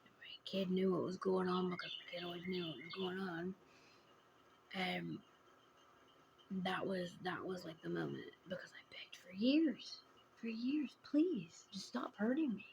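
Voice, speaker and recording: Middle-aged woman, gravelly voice, confessional vlogger; raw, halting, often hushed delivery. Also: lowish voice, a little hiss or hum, rough recording. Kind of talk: personal confessional vlog.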